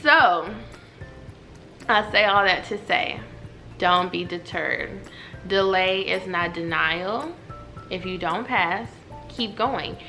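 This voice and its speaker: A woman, telling a story to her viewers at home in a lively, chatty way. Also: fairly low pitch, takes it slowly, pauses often, faint music behind. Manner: animated, chatty, talks straight to viewers. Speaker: vlogger. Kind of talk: casual storytelling to camera. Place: at home indoors.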